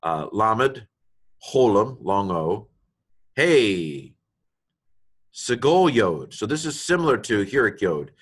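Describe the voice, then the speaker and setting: A middle-aged male teacher giving a lecture, patiently explaining step by step and slowly sounding out letters and vowels. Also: lowish voice, very animated, breathy edge. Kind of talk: classroom lecture on reading Hebrew.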